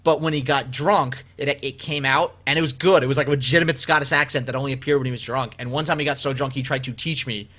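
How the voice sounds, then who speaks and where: A man hosting a casual comedy podcast, talking in an animated, rambling way with lots of fillers. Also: medium pitch, fast talker, few pauses. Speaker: podcast host.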